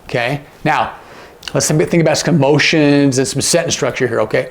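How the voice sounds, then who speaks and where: Gravelly-voiced male sign language teacher. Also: fairly high pitch, fairly quick. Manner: demonstrative, asks frequent check-in questions. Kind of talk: casual instructional explanation.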